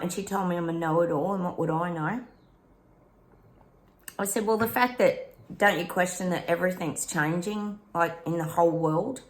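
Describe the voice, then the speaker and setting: A middle-aged woman with an Australian accent, a psychic vlogger venting in a casual rant straight to her viewers. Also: sits low. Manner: frustrated, venting, talks straight to her audience.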